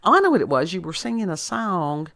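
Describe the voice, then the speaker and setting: A woman's voice: fairly low pitch, sing-song, fast talker, gravelly, fairly bright tone, no echo, clean studio sound. A woman hosting a casual podcast chat, folksy and rambling, often repeating words. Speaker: podcast host.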